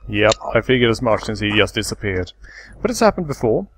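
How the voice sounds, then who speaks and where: A man's voice: lowish voice, big pitch swings, a little fast, a little hiss or hum. Man explaining a strategy game. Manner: explains game mechanics step by step. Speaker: let's play host. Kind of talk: casual gameplay commentary.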